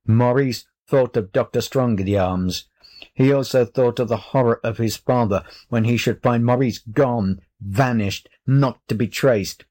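A man reading a children's story aloud as narrator, measured and deliberate. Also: fairly low pitch, darkish tone.

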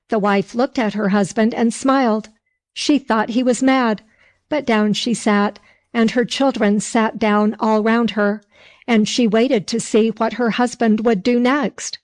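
A woman narrating a folk tale in a slow storybook reading with old-fashioned phrasing. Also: on the high side, steady tone, darkish tone.

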